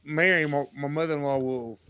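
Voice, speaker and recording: This podcast guest has a slightly high, clean-toned voice and a brisk delivery, with no room sound at all. Chatting casually, he tells his stories with animation and performs the voices of the people he quotes.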